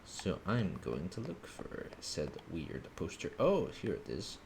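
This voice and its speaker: A man's voice: low-pitched, wildly swooping pitch, takes it slowly, vocal fry, a little hiss or hum. A man streaming a video game, talking casually and muttering to himself as he plays. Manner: laid-back, muttering to himself. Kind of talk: casual gameplay commentary.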